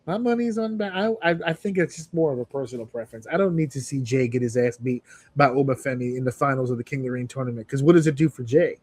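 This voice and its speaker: A man hosting a podcast, talking casually and animatedly about wrestling, profane and quick to act out what others said. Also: medium pitch, slightly rough, no room sound. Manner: animated, acts out quotes with big voice jumps. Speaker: podcast host.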